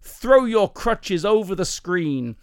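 Man putting on a preacher voice, fervent, booming, slight American accent, raised pitch, dry sound. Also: sing-song, takes it slowly, smooth, dry recording, full character voice. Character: fervent male faith-healing preacher.

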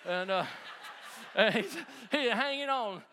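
A middle-aged man preaching a sermon, telling a family story with animated energy and laughter, then dropping soft and low to drive home the point. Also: slow, slight background noise. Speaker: pastor.

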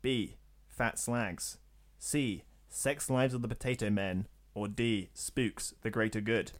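Sardonic man hosting a podcast. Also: fairly low pitch. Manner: sardonic, jokey, quick asides. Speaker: podcast host. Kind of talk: casual chat.

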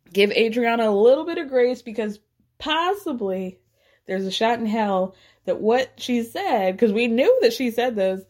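Woman, young adult, casual recap, lively pitch, higher voice, expressive, dramatic. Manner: expressive, dramatic, laughs often, swears. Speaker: reality TV recap host. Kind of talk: animated casual recap, quoting cast members.

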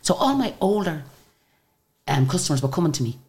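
An Irish woman telling a story as an interview guest, chatty and animated, full of asides and restarts. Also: low voice, a little fast. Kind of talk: conversational storytelling.

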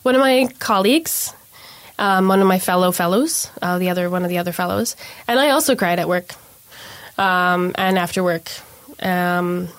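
A woman's voice: on the low side, normal speed, no room sound. A young adult woman telling an interviewer about her experience, earnestly recounting events and acting out the things people said. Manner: earnest storytelling, acts out quoted dialogue. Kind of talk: personal account in an interview.

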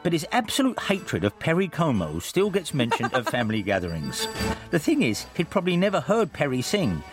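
A man's voice: on the high side, huge pitch swings, brisk, over music. An older man hosting a radio show, telling a rambling story in casual chat. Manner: chatty storyteller, rambling with restarts.

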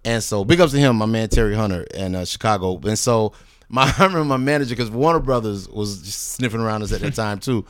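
A man from North Carolina, a guest rapper, telling animated stories in a casual interview, swearing freely and acting out what others said. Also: lowish voice, quick pace. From Greensboro, North Carolina. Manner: animated storyteller, swears freely, acts out quoted people.

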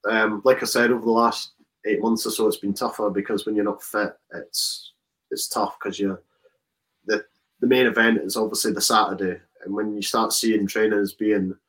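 A rugby player in his twenties answering interview questions in a relaxed, rambling way, full of restarts and fillers. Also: fairly low pitch, moderate pace, poor audio. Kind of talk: casual interview chat.

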